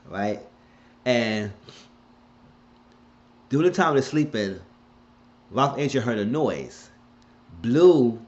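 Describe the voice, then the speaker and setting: A man casually recapping a TV episode, rambling and colloquial as he retells the scenes. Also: fairly low pitch. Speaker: TV show recapper. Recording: dull lo-fi recording.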